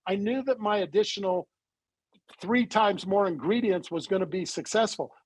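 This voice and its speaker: A man with a high, husky voice talks as a guest on an interview, recorded close in a dry, dead space. He tells his story in a lively way and acts out the conversations as he goes. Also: moderate pace, no room sound, poor audio. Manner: animated storyteller who acts out quoted dialogue. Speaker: interview guest, supplement company founder.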